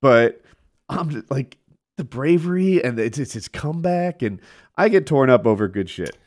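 A man's voice: mid-range voice, lively intonation, moderate pace, darkish tone. A man in casual chat, talking animatedly, swearing and laughing often.

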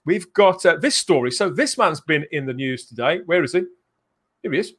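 Chuckling, animated male live-stream host. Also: a little high, normal speed. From England. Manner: jokey, chuckles between phrases. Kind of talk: live-stream chat show.

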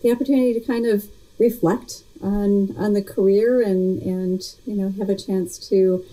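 A woman's voice: medium pitch, fairly even intonation, normal speed, warm tone, low-quality recording. A woman being interviewed as a guest, chatting casually and reflectively with frequent restarts. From United States. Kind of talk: casual remote interview chat.

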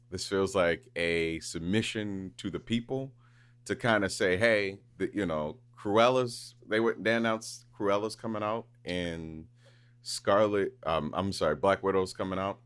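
A man co-hosting a movie podcast, giving short agreements and measured opinions. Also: low-pitched, a bit bright, clear, resonant tone. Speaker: podcast co-host. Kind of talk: casual podcast chat.

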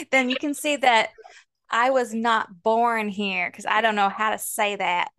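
A woman's voice: fairly high pitch, fairly even intonation, a little slow, fairly bright tone, dry recording, studio quality. A woman in her forties co-hosting a podcast, chatting in a rambling way with many ums. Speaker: podcast co-host. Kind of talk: casual chat.

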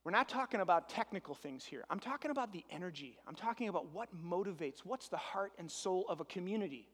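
A man preaching a sermon as pastor, animated, piling up rhetorical questions and swinging from loud emphasis to hushed asides. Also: high-pitched, quick pace, breathy edge, in a large hall.

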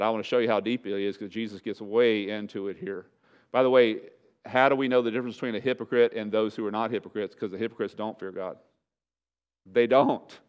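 A male pastor preaching a sermon in a church, speaking with emphasis and repeating his key phrases. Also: clear, resonant tone. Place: church sanctuary. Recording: dull low-fidelity church recording.

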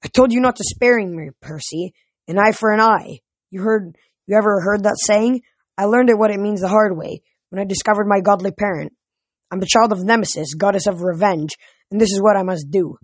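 A woman's voice: medium pitch, a little fast, no echo, lightly acted. A woman voicing a bitter, resigned teenage boy in a storybook reading. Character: bitter teenage demigod boy turning traitor.

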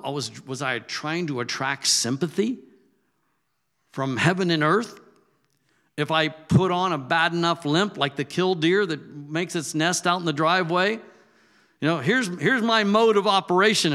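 Male preacher, bright voice, animated storyteller who gets loud on emphasis. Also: a little high, gravelly. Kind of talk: sermon.

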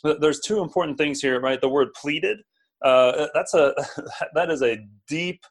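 A man preaching a sermon, often repeating words and asking the listeners to respond. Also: a little high. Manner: halting, repeats words, asks audience to respond. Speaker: pastor. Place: streamed over video call and social media.

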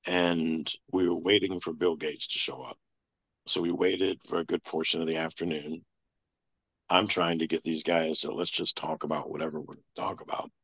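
A man telling a long personal story as an interview guest, in a flat, matter-of-fact way. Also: very deep voice, moderate pace, no room sound. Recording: dull lo-fi sound.

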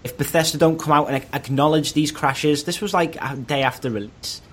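A man's voice: on the high side, a little fast. A man chatting casually about video games, telling rambling stories full of fillers. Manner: rambling, filler-heavy storytelling. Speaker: podcast co-host. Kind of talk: casual gaming chat.

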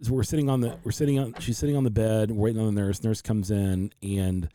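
This podcast co-host earnestly recounts a frightening family story, animatedly quoting what others said. His voice is lowish, mellow and brisk, with fairly even intonation.

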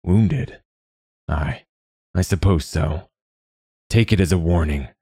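A man voicing a calm, gentle old man who speaks softly and soothingly in a storybook reading. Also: deep voice, slow pace, breathy edge, no room sound, clean studio sound, heavily acted. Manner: calm, soft-spoken.

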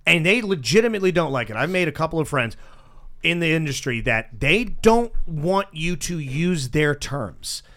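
A man's voice: fairly high pitch, big pitch swings, sharp tone. A man who works in radio, riffing emphatically on a casual podcast chat. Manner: quick, emphatic, riffing with impressions.

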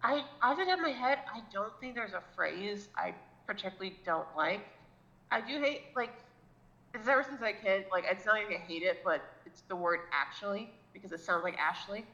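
A woman's voice: mid-range voice, expressive, fairly quick, sharp tone, lo-fi sound. A woman co-hosting a podcast in casual chat, rambling with many likes and restarts and swearing bluntly. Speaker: podcast co-host.

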